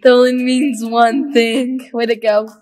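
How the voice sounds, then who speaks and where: A woman vlogging in a casual, excitable way, thinking aloud and giggling often. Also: a little high, measured pace, low-quality recording. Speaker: family vlogger. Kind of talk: casual vlog chat.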